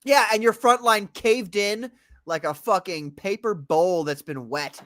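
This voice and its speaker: A man with a slightly high voice trades crude, mocking jokes in loose podcast banter. The sound is close and dry, with no room around it. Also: measured pace, a bit bright, no echo. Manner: mocking, jokey, teasing. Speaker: podcast co-host.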